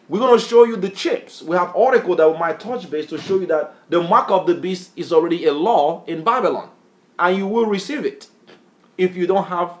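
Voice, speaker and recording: A man preaching a bible lesson, emphatic, repeatedly quizzing a reader with questions. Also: on the high side. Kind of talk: street-style bible teaching sermon.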